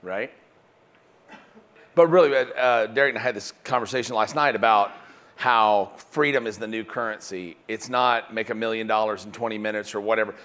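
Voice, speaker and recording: A man teaching sales at a live seminar in front of an audience. He talks in an animated way and keeps checking in with "right?". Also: fairly low pitch, moderate pace. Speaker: sales trainer.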